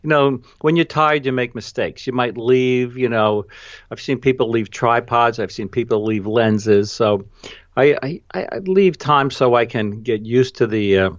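A man's voice: medium pitch, a little slow, no room sound, dull audio. A man with a New York accent hosting a podcast, chatting casually and laughing easily with lots of "you know" fillers over a video call. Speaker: podcast host and photographer. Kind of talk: casual conversation.

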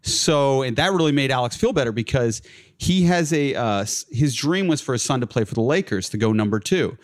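A man's voice: medium pitch, animated, fairly quick. Rambling young man telling stories. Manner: rambling, filler-heavy, laughs through his stories. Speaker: guest. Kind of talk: casual storytelling.

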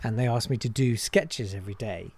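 A man's voice: on the low side, brisk, a little mellow. A man, a comedian and impressionist, chatting casually and self-deprecatingly in an interview.

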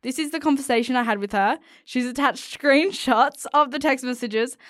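A young woman co-hosting a podcast, reading listener stories aloud in a giggly, animated way. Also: high voice, moderate pace, dry recording, studio quality. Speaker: podcast co-host.

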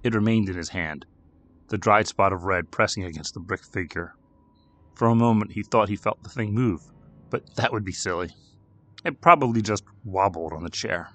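A man narrating a scripted horror story with a dramatic, expressive reading. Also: lowish voice, moderate pace.

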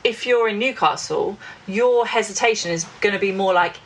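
A woman's voice: mid-range voice, moderate pace, poor audio. A woman from North East England, a voice coach guesting on a podcast, chatting in a bubbly way and demonstrating sounds as she explains. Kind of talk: lively podcast chat.

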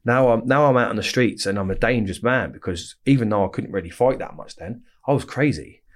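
A man's voice: lowish voice, brisk. A man, bluntly telling his story in a casual interview, swearing often and rambling. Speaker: interview guest.

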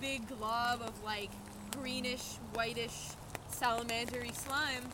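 A young woman chats on a podcast while walking in the woods, excitable and quick to boss the others around when something alarms her. Her voice sits a bit high. Steady outdoor noise is clearly heard behind her. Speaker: podcast co-host.

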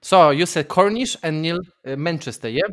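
A man's voice: fairly high pitch, normal speed. A man on a podcast, chatting playfully and trying out regional accents. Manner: playful, laughing, non-native phrasing. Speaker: podcast co-host. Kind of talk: casual chat, doing regional accents.

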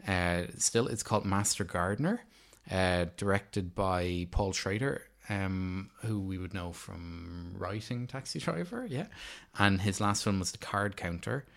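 A man in his thirties talks films on a casual podcast with a lowish voice. He rambles and restarts often, tossing in fillers as he goes. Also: measured pace, creaky, few pauses. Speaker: podcast co-host. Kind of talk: casual film review chat.

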